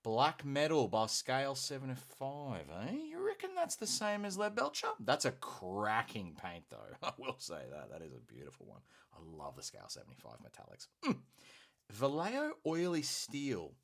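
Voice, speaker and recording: A man's voice: medium pitch, wildly swooping pitch, moderate pace, creaky, a bit bright. An Australian man hosting a hobby painting stream, chatting casually and enthusiastically with plenty of fillers. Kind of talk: casual live-stream chat while painting.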